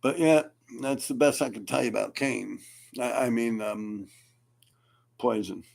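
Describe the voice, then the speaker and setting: A man with a New York accent telling street stories in a casual, animated, profane way, laughing often. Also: mid-range voice, measured pace, gravelly. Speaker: graffiti writer telling stories. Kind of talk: casual storytelling.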